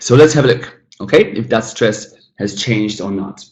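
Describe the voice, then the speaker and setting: A man teaching an online English lesson on word stress. He talks casually to the class, calls them "guys", invites answers in the chat, and repeats example words slowly. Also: on the low side, darkish tone, poor audio.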